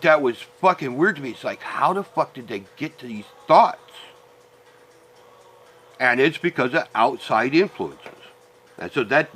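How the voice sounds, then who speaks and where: A man's voice: medium pitch, a bit bright, breathy edge. A middle-aged man ranting bluntly and profanely in a personal monologue about family and parenting. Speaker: vlogger.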